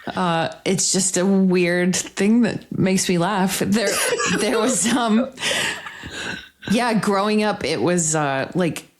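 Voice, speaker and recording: A woman's voice: medium pitch, slow. A woman chatting as a podcast guest, telling rambling stories and giggling often. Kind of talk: casual chat.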